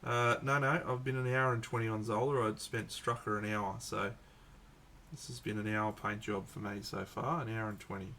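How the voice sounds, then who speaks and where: A man with an Australian accent chats casually as he paints miniatures on a live stream. His voice is bright and forward, and he banters in a laid-back way. A faint hiss sits under his voice. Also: lowish voice, fairly even intonation, moderate pace.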